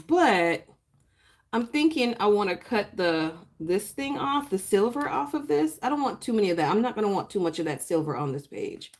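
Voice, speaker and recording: A chatty woman talks through her planner setup on a live stream and greets viewers by name as she works. She drawls some words and her voice swoops up high when she gets excited. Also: moderate pace. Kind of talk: casual live-stream chat while crafting.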